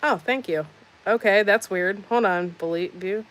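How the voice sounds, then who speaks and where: A woman's voice: mid-range voice, measured pace. A woman hosting a casual livestream, reading out chat comments with sarcastic, teasing banter. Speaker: livestream host.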